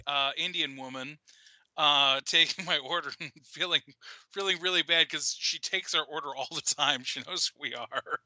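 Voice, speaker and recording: A man's voice: fairly high pitch, fairly even intonation, normal speed, bright, forceful tone, no room sound. A man in his thirties co-hosting a casual geeky stream, chatty and rambling, laughing often as he talks. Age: 30s. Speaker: podcast co-host. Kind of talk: casual chat.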